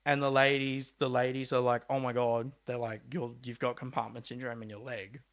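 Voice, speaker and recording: On a podcast, a young Australian man who rides mountain bikes professionally spins a story at normal speed in a mid-range voice. He's relaxed and animated, voicing the quotes himself with easygoing slang and the odd swear word.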